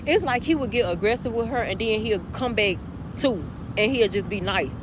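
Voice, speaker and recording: A woman's voice: mid-range voice, lively intonation, moderate pace, noisy background. Woman telling a story from her car. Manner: conversational, addresses listeners as y'all, swears freely. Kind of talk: casual storytime.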